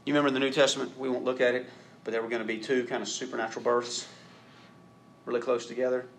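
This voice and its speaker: A man preaching a sermon in an animated way, acting out quoted voices and rising to loud emphatic peaks. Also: mid-range voice, fast, slight background noise. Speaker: pastor.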